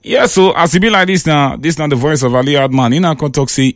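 A man with a Nigerian accent hosting a lively call-in radio show. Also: a little high, fast, few pauses, no room sound, clean studio sound. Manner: lively, animated, laughing often.

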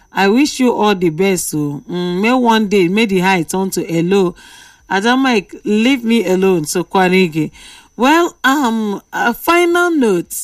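A woman's voice: medium pitch, expressive, a little slow, no room sound, recorded from a distance. Nigerian woman, late-night radio host, teasing banter, dry sound, sits back from the mic. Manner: playful, reads out listener messages and banters.

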